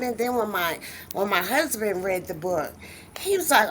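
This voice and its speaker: This is a middle-aged woman being interviewed about her book, her pitch rising and falling widely as she tells stories. She slips into the voices of the people she is quoting as she goes. A faint noise sits under the recording. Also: normal speed. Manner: animated storytelling, acting out quoted voices. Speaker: guest author. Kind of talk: casual interview chat.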